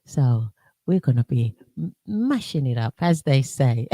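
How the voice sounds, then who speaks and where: A woman's voice: extremely low pitch, expressive, unhurried, warm tone, no echo. A woman hosting a radio show, chatting casually in a playful, giggly way.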